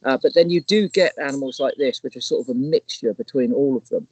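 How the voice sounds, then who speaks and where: A man's voice: mid-range voice, brisk, a little mellow, slightly rough, no echo, rough recording. A man co-hosting a casual live stream, explaining bird species in a rambling, chatty way with lots of restarts. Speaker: naturalist co-host. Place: outdoors in the countryside.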